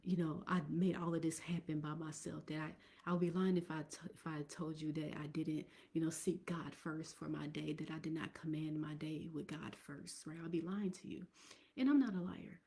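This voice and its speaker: A woman chats to her viewers on a live stream. Her voice is low and mellow, with a warm, relaxed tone. She sometimes drops into a near whisper. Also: normal speed. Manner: chatty, addresses viewers directly, drops into whispers. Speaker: tax professional hosting a live stream. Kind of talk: casual live stream talk.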